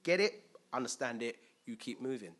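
A man preaching a conversational sermon, animated and thinking aloud, switching between loud emphasis and quiet asides. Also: medium pitch, moderate pace. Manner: thinks aloud with restarts and acts out quotes.

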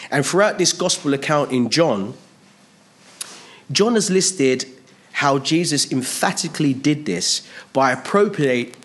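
A man preaching a sermon in a conversational way, stressing points by repeating phrases. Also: fairly high pitch.

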